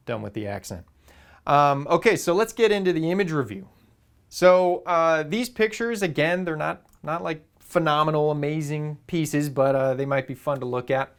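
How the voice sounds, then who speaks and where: A man's voice: on the high side, normal speed, smooth. A man talking casually to camera in a vlog, rambling and easygoing with plenty of ums and uhs. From Southern California. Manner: rambling, filler-heavy, easygoing. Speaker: photography YouTuber.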